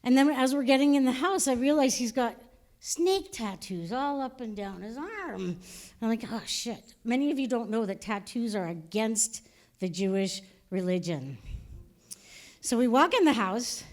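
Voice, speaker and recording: A woman's voice: a little high, animated, normal speed, darkish tone. A woman performing a stand-up comedy set, telling a story and acting out the voices of her family. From Canada. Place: live show venue with audience.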